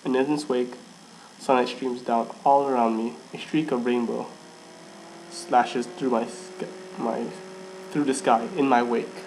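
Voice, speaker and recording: A man with a middle-pitched voice reads a first-person fan story aloud. He often trips over words and restarts lines. A faint background hum sits under his voice. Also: flat delivery, slow. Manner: stumbles and restarts, laughs at himself. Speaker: fan fiction reader.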